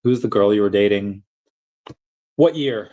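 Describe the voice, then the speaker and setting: On a livestream, a man with a lowish, mellow voice chats casually and unhurriedly, answering questions from chat. He rambles, interrupts himself, and chuckles often, and the recording sounds muffled.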